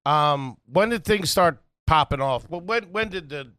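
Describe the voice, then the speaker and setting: Brief: male podcast host, casual and bouncy, very lively pitch, dry close mic. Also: measured pace, clean tone, dry recording. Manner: casual, asks loose follow-up questions.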